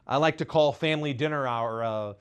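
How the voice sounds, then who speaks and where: In a clean tone and unhurried manner, he speaks about parenting and faith to a live studio crowd. He's candid, self-deprecating and lightly humorous, his delivery rising to loud, high emphasis and dropping to soft, low asides.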